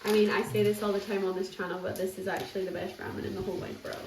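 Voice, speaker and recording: A woman's voice: mid-range voice, little pitch movement, rapid-fire, noisy background. Upbeat woman vlogger just chatting away, echoey kitchen, pots and cutlery clinking. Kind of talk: casual vlog chat. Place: home kitchen and out on a commute. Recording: echoey room with clattering dishes.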